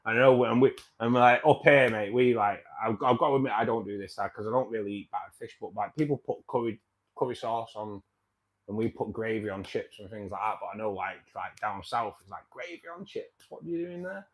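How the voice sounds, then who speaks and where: A man's voice: lowish voice, fairly even intonation, brisk. A man hosting a casual livestream, chatting with viewers in a rambling way, repeating himself and calling people mate. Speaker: livestream host.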